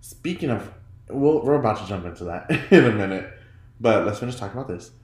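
A chatty man hosting a casual solo podcast, giggling often and swinging his pitch all over as he talks. He keeps slipping into high mock voices when he quotes himself. The sound comes from a roomy space with echo. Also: expressive, fairly quick, a little mellow. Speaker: podcast host.

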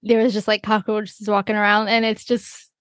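A woman's voice: mid-range voice, flat delivery, moderate pace, fairly bright tone, no echo, studio quality. A woman co-hosting a podcast, chatting casually and reacting with easy laughs. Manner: responsive listener, laughs easily. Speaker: podcast co-host. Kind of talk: casual chat.

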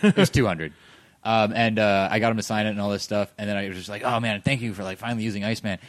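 Male co-host, quick filler-heavy talker, dry close sound. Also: on the low side, steady tone, no echo. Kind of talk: casual podcast chat.

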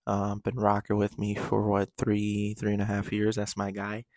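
Guy with a lowish voice just rambling candidly into his podcast mic, dry close sound. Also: monotone, normal speed, darkish tone, no room sound. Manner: rambling, candid, with fillers and restarts. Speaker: podcast host. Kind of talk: casual solo podcast monologue.

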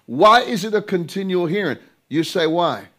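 A man's voice: high voice, animated, moderate pace, bright, forceful tone. A man preaching a sermon, emphatic and drawn out, repeating phrases and throwing rhetorical questions to his listeners.

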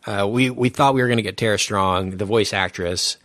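A man's voice: fairly low pitch, a little fast, fairly bright tone, no room sound, clean studio sound. A man co-hosting a podcast, telling a rambling anecdote in casual chat with lots of restarts. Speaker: podcast co-host.

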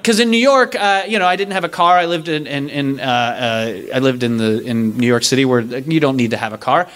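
A young man telling a story to a live audience, animated and self-mocking, acting out the people he quotes. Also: mid-range voice, brisk.

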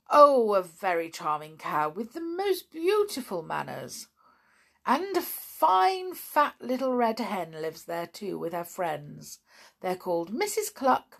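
A woman's voice: medium pitch, creaky, heavily acted. A woman voicing Mister To and Fro, a kindly wobbling wooden toy man who talks in a fussy, earnest way.

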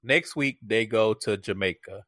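A man co-hosting a casual chat, recapping a reality show in a profane, animated way and acting out what people said. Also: fairly low pitch, unhurried, no echo, studio quality. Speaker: podcast co-host.

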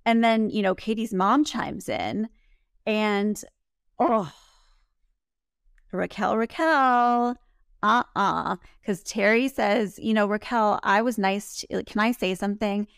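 A woman's voice: medium pitch, slow, creaky, smooth, dry recording, clean studio sound. A woman co-hosting a podcast, chatting casually and animatedly as she retells scenes. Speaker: podcast co-host. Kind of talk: casual recap chat.

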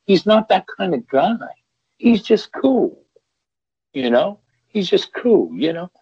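A man's voice: sits high, very animated, slow pace, a little mellow, breathy edge, no echo. A middle-aged man, a veteran pro wrestler, telling road stories as a podcast guest in a rambling way, full of restarts and repeated words. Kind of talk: storytelling podcast interview. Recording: dull lo-fi podcast audio.

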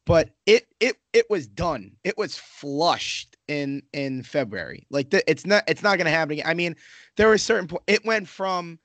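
A man with a slightly higher voice talks hockey casually, rambling on with frequent profanity and self-interruptions. His sound is dry and close, with no room around it. He keeps circling back to restate his points. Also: expressive, normal speed, a bit bright, dry recording. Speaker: Islanders fan in a hockey podcast discussion.

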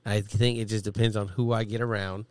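A man's voice: fairly low pitch, little pitch movement, a little fast, clean tone, no room sound. A man hosting a casual dinner-table podcast chat, joking and teasing his guests and swearing freely. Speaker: podcast host.

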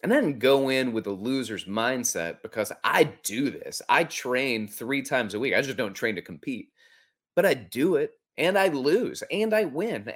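A man's voice: mid-range voice, expressive, a little slow. A middle-aged man hosting a podcast, telling a personal story in an earnest, reflective way with frequent restarts. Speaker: podcast host. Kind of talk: personal story and coaching talk.

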